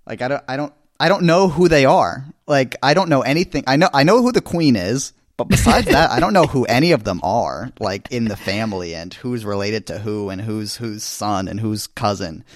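A man in a casual podcast chat, dry and wry. He sounds bemused. His voice is mid-pitched and recorded close and dry. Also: expressive, moderate pace, few pauses, dry recording. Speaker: podcast co-host.

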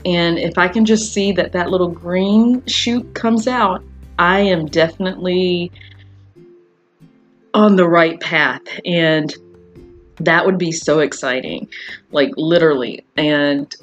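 A woman's voice: fairly low pitch, slow pace, dull audio, soft background music. A woman hosting her own podcast, chatting casually and rambling, with frequent fillers and laughs. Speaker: podcast host. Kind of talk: casual solo podcast chat.

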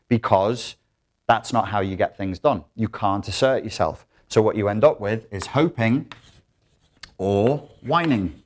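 A man speaks to an audience in a lecture room with a fairly low voice. His delivery is animated, and he acts out quotes in other voices. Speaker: speaker giving a talk. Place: lecture room in an academic institution.

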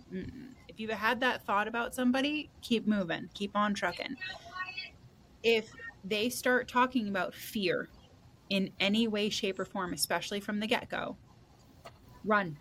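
A woman's voice: medium pitch, fairly bright tone. A woman hosting a casual podcast chat as a psychic reader, blunt and profane, laughing and acting out quotes from her sessions.

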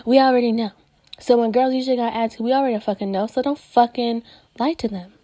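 Young woman podcaster, brash and profane, lively casual rant, higher voice, dead dry close mic. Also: fast, no echo. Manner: profane, animated, heavy swearing.

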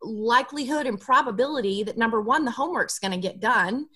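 Female therapist guest, bright and clear, expressive and warm-hearted explainer on a podcast. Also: on the high side, fast. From Alabama, USA. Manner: expressive, acts out parent dialogue in a soft voice. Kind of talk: podcast interview, advice.

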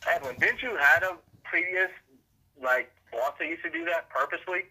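A man with a very bright, forward tone answering candidly in casual podcast chat. He speaks wryly, with a cynical edge. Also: fairly high pitch, normal speed, poor audio.

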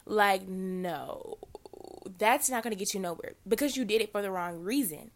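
A woman's voice: medium pitch, normal speed. A teenage girl hosting her own podcast, a little congested, talking casually with many fillers and self-corrections. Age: teens. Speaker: podcast host.

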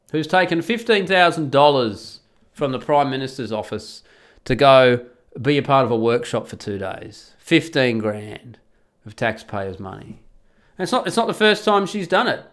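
A man's voice: medium pitch, gravelly, a bit bright. A man, hosting a podcast and angrily ranting with a lot of swearing and scorn. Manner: angry, profane, ranting, scornful. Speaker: podcast host. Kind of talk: solo podcast rant.

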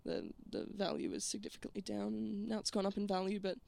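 A woman's voice: mid-range voice, sing-song, quick pace, gravelly, warm tone, no room sound. A woman narrating a comedic improv story with a hesitant, filler-heavy, giggly manner. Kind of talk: comedic improv role-play.

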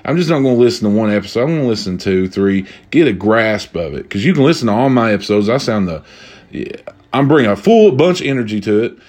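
A man's voice: lowish voice, expressive, fast, a little mellow. Rambling man on a casual solo podcast. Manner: loose, rambling, slangy and repetitive; drinking while talking. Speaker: podcast host.

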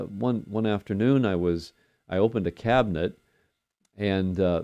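Older male devotional host, warm low voice, chatty pace with plenty of fillers. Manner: unhurried, conversational, with frequent fillers. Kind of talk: daily devotional sermon.

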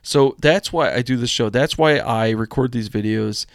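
A man's voice: medium pitch, normal speed, creaky, no room sound. A young man from the United States hosts a political commentary stream in a casual, rambling way. He reads headlines and drifts into chatty asides. His mid-range voice sounds close and dry, with no room around it.

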